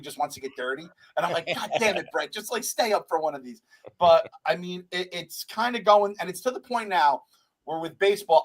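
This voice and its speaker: Male co-host, loose swear-heavy chat, a bit high-voiced. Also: low-quality recording. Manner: profane, laid-back storytelling. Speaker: podcast co-host. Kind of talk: casual sports chat.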